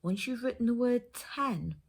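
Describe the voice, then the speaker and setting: A woman teacher from England giving a phonics lesson to young children and their parents, sounding out letters slowly and carefully. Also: a little high, expressive. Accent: English. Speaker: primary school teacher.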